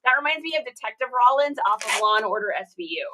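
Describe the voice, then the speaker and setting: Bright-voiced chatty woman packing orders. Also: a little high, animated, quick pace, a little hiss or hum, low-quality recording. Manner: chatty, giggly, reads viewer comments aloud. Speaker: reseller streaming live. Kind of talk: casual livestream chat while packing orders.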